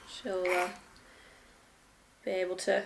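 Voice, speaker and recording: A woman's voice: on the low side, completely flat delivery, slow, gravelly, background noise. A young woman and new mother giving a casual vlog update at home, hesitant, with many ums and restarts.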